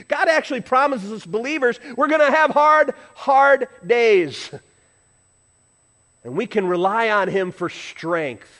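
A man's voice: fairly high pitch, a bit bright. A man preaching a sermon as pastor, conversational, asking the congregation questions and adding humorous asides.

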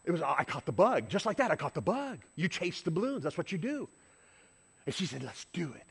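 A middle-aged man, a pastor, preaching a sermon and telling a story, acting out shouts and honks with lively energy. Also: on the high side, a little fast, creaky, husky.

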